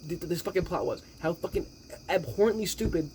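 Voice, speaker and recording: This movie reviewer has a high, brisk voice with lively intonation and a darkish tone, plus a little hiss or hum. He delivers a rambling, exasperated recap of a film, swearing heavily throughout.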